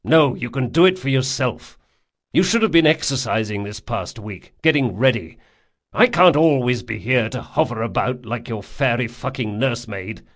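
Reader doing gruff burly thief: blunt, coarse, scolding, a touch raised. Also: male voice, mid-range voice, expressive, moderate pace, fairly bright tone.

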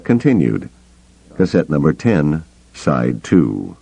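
A man narrating an audiobook in a slow, deliberate reading. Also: rumbling low, big pitch swings, vocal fry, mellow, husky. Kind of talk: scripted narration. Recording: dull lo-fi cassette tape.

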